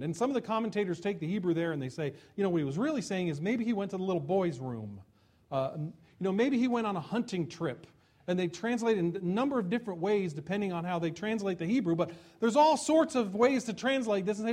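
Male preacher, higher register, dramatic storyteller who voices the crowd and taunts. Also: expressive, normal speed, a little mellow. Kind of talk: sermon.

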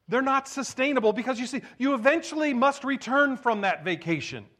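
A pastor with an extremely high, slightly bright voice reads scripture with emphasis, then talks with the congregation conversationally. His intonation is lively and his pace moderate, and he often repeats words as he goes.

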